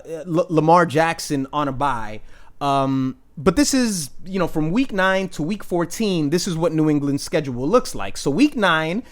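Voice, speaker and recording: Young adult man, slightly high voice. Casual, rambling fantasy league recap with crude trash talk. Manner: rambling, many restarts, crude jokes. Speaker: fantasy football league host.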